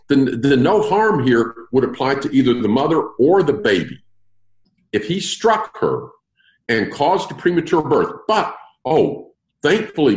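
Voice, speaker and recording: A man with a mid-range voice leads an interactive Bible study, explaining verses and posing questions to his group in a lively way. The recording is low quality and the room is echoey.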